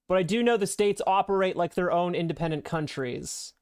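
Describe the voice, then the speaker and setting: A man's voice: high voice, fast talker, hardly any pauses, a little mellow, clear, resonant tone. Chatty joking male streamer. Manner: rambling, self-deprecating and joking. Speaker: livestreamer. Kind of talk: casual live-stream chat.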